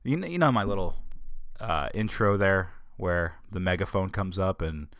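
A man with a deep, animated voice hosts his own podcast, rambling casually and griping about his week with wry humor. He speaks at a normal speed with a fairly bright tone, and the sound is clean studio audio with no room echo.

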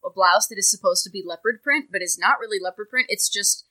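A woman's voice: mid-range voice, quick pace, sharp tone. A woman co-hosting a casual recap chat, dry and wry, swearing freely. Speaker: podcast co-host.

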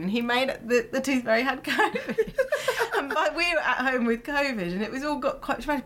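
A woman hosts a casual podcast conversation, her voice sitting slightly high. She tells family anecdotes with lively energy and slips into voices for the people she quotes. Faint ambient noise sits behind her. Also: fairly quick, few pauses. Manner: animated storyteller, acts out quotes. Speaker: podcast host. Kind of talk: casual chat.

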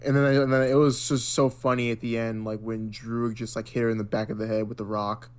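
A man's voice: mid-range voice, little pitch movement, a little fast, smooth. An American man co-hosting a podcast, chatting casually and full of slang and filler words. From United States. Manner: slangy, says bro and freaking a lot. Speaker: podcast co-host. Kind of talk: casual chat.

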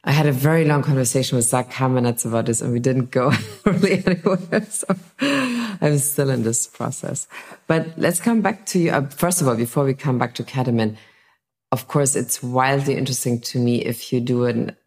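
A woman interviewer chatting casually, curious and quick to laugh. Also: extremely low pitch, darkish tone.

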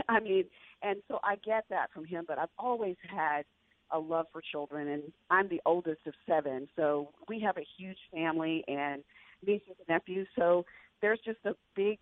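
A woman's voice: sits low, no room sound. An older woman, a veteran journalist, telling an emotional personal story as a radio guest, with earnest restarts. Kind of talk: heartfelt interview storytelling. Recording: tinny phone-like radio line.

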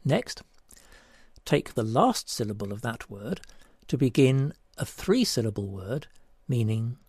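A man walks listeners through a word puzzle in a lively, rising and falling voice with a gravelly edge. His tone is slightly husky, and he talks slowly and carefully through each clue. The sound is close and dry. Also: mid-range voice, no echo. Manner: deliberate, spells out each step. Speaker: puzzle presenter. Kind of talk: scripted word puzzle presentation.

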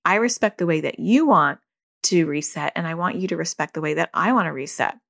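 A woman's voice: low voice, a little fast, creaky, fairly bright tone. A middle-aged woman, a parenting coach, giving casual advice in a chatty way full of "like" and "you know".

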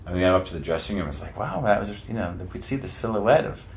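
An older man who sings in a rock band, telling a story to an interviewer in a relaxed chat and slipping into other people's voices. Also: low-pitched, fast talker, creaky, slight background noise. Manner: animated, breaks into voices of people in his stories. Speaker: lead singer, interview guest. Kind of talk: casual storytelling.

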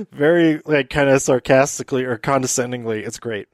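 A man's voice: mid-range voice, no room sound, clean studio sound. A man hosting a casual solo recap, rambling with many fillers and laughing at his own jokes. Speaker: podcast host recapping wrestling.

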